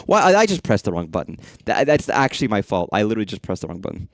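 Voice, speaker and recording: A man's voice: mid-range voice, expressive, fast, few pauses, soft background music. A man streaming a horror game, rambling and swearing freely as he talks to the things on screen. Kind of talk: casual live-stream commentary.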